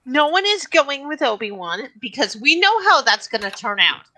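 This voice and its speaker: A woman's voice: high voice, very animated, moderate pace, pushed and bright. A woman playing a tabletop game, curt and impatient.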